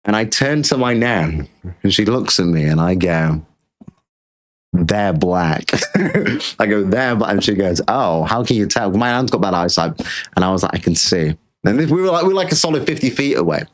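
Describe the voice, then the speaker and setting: A man's voice: fairly low pitch, expressive, fairly quick. A man hosting his own show, ranting in a casual monologue with frequent swearing and repeated phrases. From Britain. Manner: blunt, swears freely, repeats himself while ranting. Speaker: podcast host.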